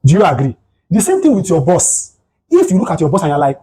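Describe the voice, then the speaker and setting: His voice is husky and fairly high, and he talks fast in a low-quality recording. The man, a Nigerian-accented psychotherapist and guest speaker, gives a motivational talk about mental health, animatedly telling stories and posing rhetorical questions to the audience.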